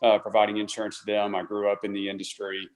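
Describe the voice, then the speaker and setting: A man's voice: lowish voice, completely flat delivery, quick pace. A young man, an insurance broker, introducing himself on a live panel in an easygoing way with some fillers.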